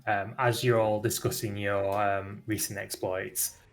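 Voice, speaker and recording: A man narrating as game master in a tabletop game, relaxed and lightly amused. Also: lowish voice, a little slow, faint music behind.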